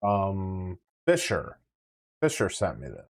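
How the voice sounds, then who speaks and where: A man's voice: low-pitched, wildly swooping pitch, slow. A man hosting a casual livestream, reacting with laid-back, profane commentary and laughs. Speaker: livestream host.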